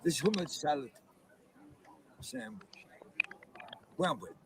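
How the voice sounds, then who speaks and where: A man's voice: on the high side, animated, takes it slowly, gravelly, heavy background noise. Rambling older man telling a story. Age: 70s. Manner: rambling, chatty storyteller with restarts. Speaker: guest comedian. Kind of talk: casual anecdote telling. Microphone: video call.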